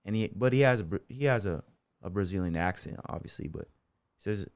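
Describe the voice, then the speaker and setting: An American man with a lowish voice tells a long anecdote as a podcast guest, loose and rambling, peppered with "you know" and "man". His voice is close and dry, with no room around it. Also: expressive, fairly quick, darkish tone, dry recording. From United States. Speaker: podcast guest, bull rider and gym owner. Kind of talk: casual storytelling interview.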